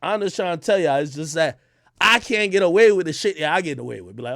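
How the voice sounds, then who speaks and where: A young man from Jamaica rants hard on a livestream, brash, profane and full of bravado. His voice sits high for a man, and the sound is close and dry with no room behind it. He swings from near shouting down to low, fast muttering. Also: animated, vocal fry, no room sound. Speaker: livestream host. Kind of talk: heated ranting livestream.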